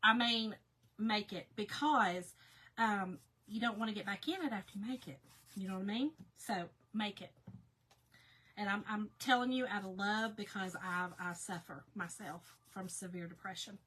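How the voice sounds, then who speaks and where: A woman hosting a casual live painting chat, reading out viewer comments in a folksy way, her voice going hoarse. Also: medium pitch, fairly even intonation, normal speed, bright, forceful tone. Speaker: crafting livestream host.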